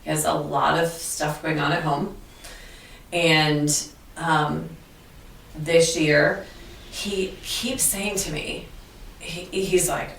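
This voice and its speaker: A woman teacher telling classroom stories in an earnest, animated way during an interview. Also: low voice, takes it slowly, long pauses. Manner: earnest, animated storytelling with restarts. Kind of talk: conversational interview. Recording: echoey room, distant mic.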